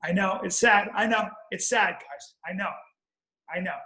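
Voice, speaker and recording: A man's voice: high-pitched, normal speed, bright, forceful tone, echoey room, low-quality recording. A man telling a rambling, profane comic story on a podcast, with frequent restarts. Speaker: podcast guest or co-host.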